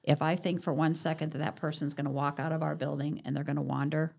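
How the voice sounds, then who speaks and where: A woman's voice: low voice, little pitch movement, fast, gravelly, a little mellow. A woman, a guest on a talk show about senior services, explaining things patiently with examples and often saying yes. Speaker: guest from senior living community. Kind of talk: casual interview chat.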